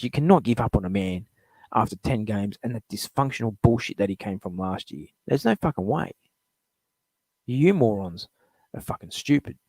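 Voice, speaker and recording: A man's voice: fairly low pitch, darkish tone, no room sound. A middle-aged man hosting a live show, ranting bluntly with lots of swearing, rambling between topics. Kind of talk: profane sports fan rant.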